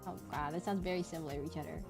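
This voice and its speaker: A woman's voice: deep voice, steady tone, very fast, vocal fry, darkish tone, soft background music. Playful rambling woman streamer. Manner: rambling and playful, repeats words, hums and does silly bird noises. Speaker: VTuber streamer. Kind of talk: casual live-stream chat while drawing.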